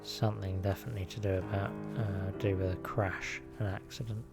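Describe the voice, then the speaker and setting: Gravelly man streaming a game. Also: sits low, little pitch movement, a little fast, loud music behind the voice. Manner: chatty, rambling, self-deprecating. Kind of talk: casual live-stream commentary.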